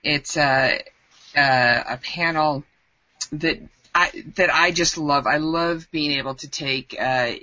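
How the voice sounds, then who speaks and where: Bright-voiced chatty woman, dry lo-fi. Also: low voice, slow pace, no echo. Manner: chatty, storytelling. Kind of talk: casual chat. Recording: dry, dull lo-fi recording.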